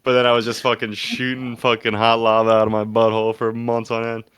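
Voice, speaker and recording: A man with a clean, smooth voice rattles off blunt, vulgar stories as a comedy podcast co-host, full of "like" and "dude." He sounds close and dry. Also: mid-range voice, monotone, brisk, a bit bright, no room sound. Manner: profane, blunt, says "dude" and "like" a lot. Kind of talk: crude casual chat.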